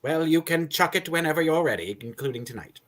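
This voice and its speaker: A woman's voice: low-pitched, animated, a little fast. A woman reading the part of a witty, sardonic female decorator in a live script reading. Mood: cutting. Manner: crisp, dry, sardonic comebacks. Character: sharp-tongued witty female interior decorator.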